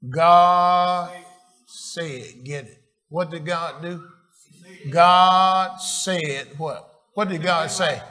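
A man's voice: fairly high pitch, fairly bright tone. A man preaching a sermon, quizzing the congregation with questions and often restarting his phrases. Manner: call-and-response questions to the congregation; slow, halting, repeats and restarts phrases. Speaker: pastor.

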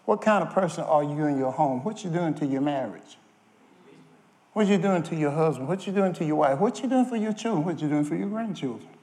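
A man's voice: on the high side, darkish tone. A man preaching a sermon, firing questions at his congregation. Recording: long hall reverb.

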